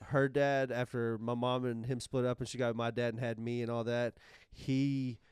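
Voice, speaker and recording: A man's voice: mid-range voice, little pitch movement, darkish tone, clean tone, no echo, clean studio sound. A man co-hosting a podcast, telling a personal story in rambling casual chat with many restarts. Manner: rambling, halting, restarts often. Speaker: podcast co-host.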